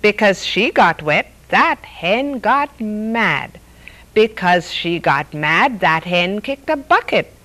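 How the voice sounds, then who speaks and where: A middle-aged woman hosting a story hour, reading picture books aloud in a lively, playful way. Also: medium pitch, slow, poor audio. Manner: lively, playful read-aloud with sound effects.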